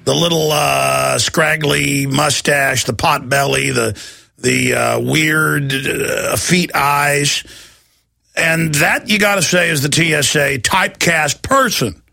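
A man's voice: on the high side, steady tone, slow, gravelly, pushed and bright, dry recording, studio quality, faint music behind. A middle-aged man hosting a talk radio show, ranting in a heated, repetitive way and mocking people with put-on voices.

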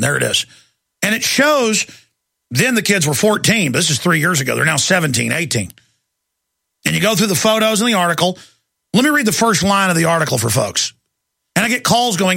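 A male talk show host delivers a driving, emphatic monologue, hammering points with repeated phrases. His voice sits high and sounds bright and gravelly, recorded dry and close. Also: lively intonation, brisk, no echo. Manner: intense, emphatic, repetitive.

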